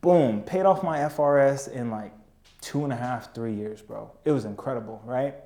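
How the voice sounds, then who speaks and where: A young man chats as a podcast guest. His voice sits in the middle range, and his talk is relaxed and full of street slang. He keeps checking in with his listener as he tells his stories. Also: medium pitch, moderate pace. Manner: laid-back, slangy, keeps saying "you know what I mean". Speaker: podcast guest, business owner. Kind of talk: casual storytelling chat.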